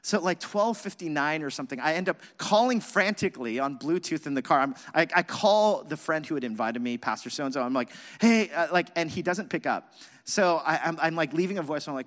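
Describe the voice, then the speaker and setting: A male pastor preaching, bright and forceful, with his voice a little high for a man. He tells a self-mocking story in an animated way, and the long reverb of a large hall follows his words. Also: brisk. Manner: animated, self-mocking, acts out his own past shouting. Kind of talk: sermon with personal storytelling.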